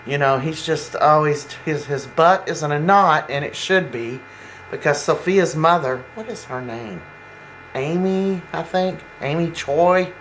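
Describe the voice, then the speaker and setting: A chatty recapper talks through a soap episode in a loose, rambling way. The voice sits at an ordinary middle pitch and keeps stopping to act out the characters' lines. A faint hiss of noise sits under it. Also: a little slow, a bit bright, low-quality recording. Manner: rambling, acts out quoted lines, many fillers.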